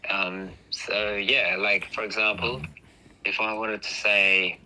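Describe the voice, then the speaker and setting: A man's voice: fairly low pitch, little pitch movement, takes it slowly, sharp tone, poor audio. A man casually explaining speech sounds, patiently demonstrating them aloud. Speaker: host.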